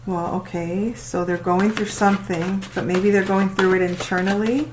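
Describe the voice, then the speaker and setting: A woman doing a casual tarot reading, talking to the listener and reacting out loud with exclamations as she turns the cards. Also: medium pitch, fairly even intonation, normal speed, background noise. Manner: chatty, exclaims and laughs while reading cards. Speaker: tarot reader.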